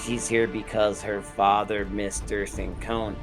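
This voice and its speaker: A man's voice: lowish voice, flat delivery, measured pace, music in the background. A man hosting a horror review show, recapping an episode in a casual, profane storytelling way.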